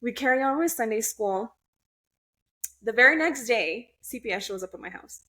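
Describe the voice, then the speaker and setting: A woman's voice: on the high side, expressive, normal speed, sharp tone. A young woman guest on a podcast, telling a personal story in a blunt, candid way, swearing freely and restarting her sentences.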